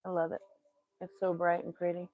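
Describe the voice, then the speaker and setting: Gravelly-voiced woman muttering while crocheting. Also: fairly low pitch, monotone, a little fast, no echo, narrow, tinny audio. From Texas. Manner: talks to herself, exasperated muttering, swears. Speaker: crochet livestream host. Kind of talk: casual live-stream chat while crocheting.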